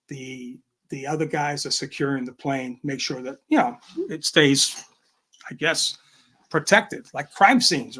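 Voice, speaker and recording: An older man tells a story in a casual interview, his voice sitting a bit higher than most men's. He is animated and conversational, slips into the voices of people he quotes, and keeps checking in with his listener. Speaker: guest, retired federal drug agent.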